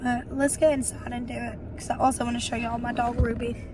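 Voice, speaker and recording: Young woman, hoarse and short of breath, chatty vlog storyteller with a slightly high voice. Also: flat delivery, a little mellow, no room sound. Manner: chatty, storytelling, quick asides. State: hoarse and winded from bronchitis. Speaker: vlogger. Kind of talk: casual chat to camera.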